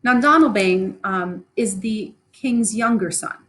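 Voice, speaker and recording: A woman's voice: medium pitch, slow, fairly bright tone, low-quality recording. A woman teacher reading a play aloud and explaining it in chatty, plain modern words.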